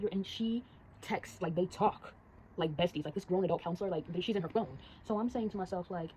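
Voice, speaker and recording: A teenage girl chatting casually and rapidly, telling a story while drawing and acting out the voices of the people in it. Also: on the low side, a little mellow, slight background noise, poor audio. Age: teens. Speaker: storyteller vlogger.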